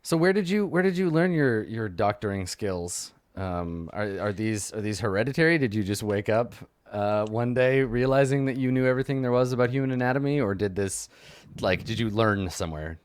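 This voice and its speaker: A man as game master asking players about their characters, halting with frequent restarts. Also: fairly low pitch, lively intonation, dry recording. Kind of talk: running a tabletop game over a stream.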